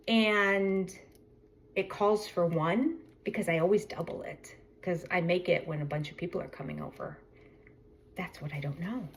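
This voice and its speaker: A woman's voice: medium pitch, slight background noise, low-quality recording. Chatty middle-aged woman vlogger. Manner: chatty, rambling storytelling with self-corrections. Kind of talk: casual chat.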